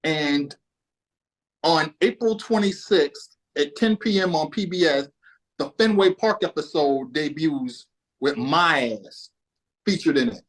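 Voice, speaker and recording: A man's voice: fairly high pitch, expressive, slow, rough recording. Casual, cussing storyteller man from Boston. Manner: laid-back, profane, anecdotal. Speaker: podcast guest, music historian.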